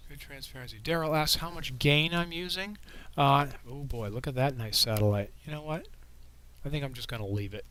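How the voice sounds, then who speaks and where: A man hosting a casual livestream with a frog in his throat. He talks in a relaxed, rambling way and answers viewers' questions with a microphone right at his mouth. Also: medium pitch, fairly quick, rough recording. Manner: relaxed, rambling, reading chat questions aloud. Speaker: astronomy livestream host. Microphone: microphone held right in front of his mouth.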